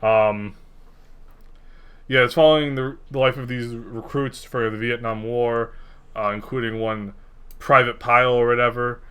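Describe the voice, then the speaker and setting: A man's voice: medium pitch, fairly even intonation, a little slow, pushed and bright, clear, resonant tone. A young man co-hosting a podcast in a casual, rambling chat, cursing freely. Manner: rambling, laid-back, swears freely. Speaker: podcast co-host.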